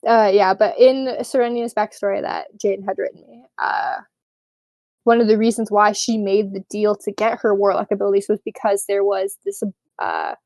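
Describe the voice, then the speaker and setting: A woman narrating as game master of a tabletop game, relaxed and rambling with many fillers. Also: mid-range voice, moderate pace, no room sound.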